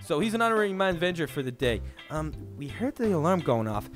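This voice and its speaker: A man leads an improvised game role-play, talking in a chatty, bossy and excitable way. His slightly high voice jumps around a lot, and faint music plays behind him. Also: fast. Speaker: host and lead player.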